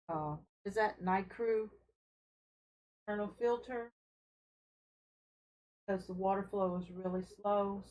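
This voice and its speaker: A woman hosting a casual fish-keeping live stream from her home fish room, talking in an unhurried, friendly way with fillers as she carries her camera from tank to tank. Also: medium pitch, a little mellow, rough recording. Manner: unhurried, friendly, talks while showing tanks, with fillers. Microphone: handheld camera she carries around.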